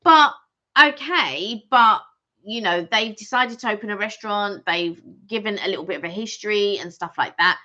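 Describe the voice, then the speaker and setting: A woman's voice: mid-range voice, normal speed, pushed and bright. A woman, co-hosting a casual live stream and chatting in a rambling way with many fillers. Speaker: co-host. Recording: dull lo-fi sound.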